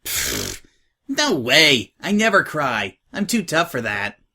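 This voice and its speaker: A man's voice: mid-range voice, wildly swooping pitch, takes it slowly, gravelly, bright, forceful tone, slightly rough, exaggerated voice. A man voicing a tough, slangy young filly who talks bluntly and offhand. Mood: teasing. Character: brash, tough young filly, slangy orphan-home veteran.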